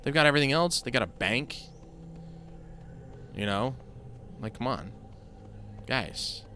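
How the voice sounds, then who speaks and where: A man's voice: mid-range voice, animated, a little slow, sharp tone, a little hiss or hum. A man giving casual, rambling let's-play commentary, joking at his own expense, on a desk mic that picks up his key presses. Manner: chatty, rambling, self-deprecating. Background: game music.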